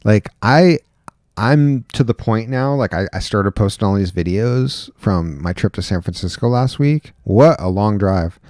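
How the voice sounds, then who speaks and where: This livestream host, a rideshare driver, talks into a close desk mic in a room at home, chatting loosely and reading out comments from chat. His voice is on the low side and darkish, a little slow, with lively intonation, and the recording is dry.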